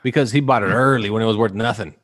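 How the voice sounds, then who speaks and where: A man's voice: lowish voice, fast, a bit bright. A man hosting a podcast in casual, rambling chat, joking and teasing his co-hosts. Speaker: podcast host.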